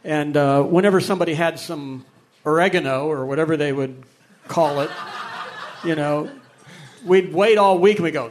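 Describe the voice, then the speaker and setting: Male musician, rambling anecdote teller, lightly raised pitch, amused. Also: normal speed. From Akron, Ohio, USA. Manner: rambling, chuckles through his stories. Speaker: musician guest. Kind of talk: anecdotal storytelling.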